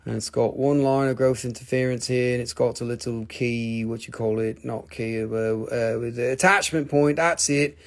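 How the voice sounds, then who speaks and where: A man's voice: medium pitch, fairly even intonation, normal speed, few pauses. A man hosting a casual live crystal sale, joking and rambling playfully. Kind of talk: casual live sales stream.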